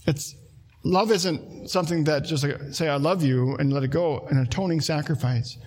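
A pastor preaching a conversational sermon, telling a family story with acted-out quotes. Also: male voice, on the high side, vocal fry, fairly bright tone.

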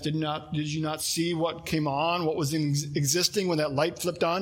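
Pastor, man, preaching in earnest; slightly higher, husky voice. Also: level tone, normal speed, few pauses. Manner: earnest preaching, reads scripture aloud, asks listeners questions. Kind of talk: sermon.

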